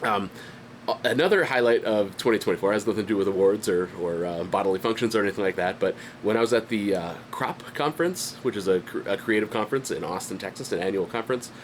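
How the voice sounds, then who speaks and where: Speaking quickly in a fairly low voice with a little hiss or hum behind it, a man updates viewers on his art business in a casual vlog. He's an independent artist and channel host recording at his home studio, congested with a slight cough, rambling and self-deprecating with frequent fillers and restarts.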